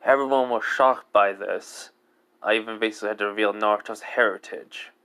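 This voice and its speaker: Man voicing a tired elderly village leader, regretful, fan story, low voice, clean sound. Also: fairly even intonation, fairly quick, bright, forceful tone, clear, resonant tone. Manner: plain reading voice, hesitant with fillers.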